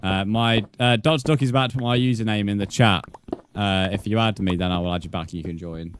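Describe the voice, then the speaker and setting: A man's voice: on the low side, steady tone, brisk, slight background noise. A man livestreaming a game, chatting casually with viewers, bantering and swearing at the chat in mock threats.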